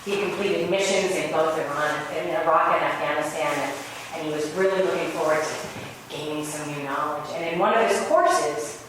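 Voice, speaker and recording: A woman's voice: low voice, moderate pace. A woman giving a sermon, telling stories in a loose, conversational way. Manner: conversational storytelling. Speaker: spiritual speaker. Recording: very echoey room, voice far from mic, ambient noise.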